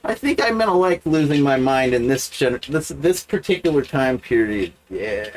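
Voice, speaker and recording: A man's voice: animated, normal speed, slight background noise. A man hosting a livestream, talking to camera in a profane, self-mocking, wandering monologue. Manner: wide sudden pitch swings. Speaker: livestream host. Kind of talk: rambling casual monologue.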